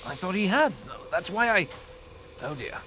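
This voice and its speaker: A man's voice: sits high, sing-song, normal speed, sharp tone, slight background noise, exaggerated voice. A man voicing a nervous, flustered passenger who stumbles and trails off in a mystery game. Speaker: passenger under questioning. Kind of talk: video game voice acting.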